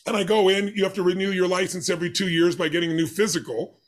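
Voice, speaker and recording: A man's voice: sits high, fairly even intonation, fast talker. A man who is an interview guest, telling a personal story with animation and acting out the dialogue with emphatic voices.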